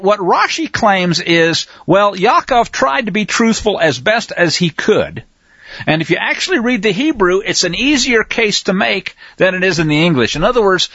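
A man's voice: high-pitched, fairly bright tone, no echo, dull audio. A man teaching a scripture lesson in a conversational way, often checking in with his listeners. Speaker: Bible study teacher.

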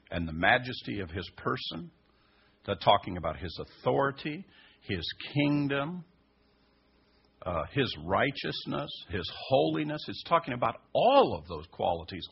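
A man teaching a sermon in an emphatic way, his voice rising to high stressed peaks. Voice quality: husky, gravelly. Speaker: Messianic teacher. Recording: dull lo-fi recording.

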